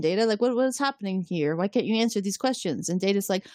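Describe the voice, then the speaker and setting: A woman's voice: mid-range voice, fast talker, dry recording, clean studio sound. A woman co-hosting a podcast, casually recapping a TV episode and acting out the characters' lines with laughs. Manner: animated retelling, acts out lines with laughs. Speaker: podcast co-host.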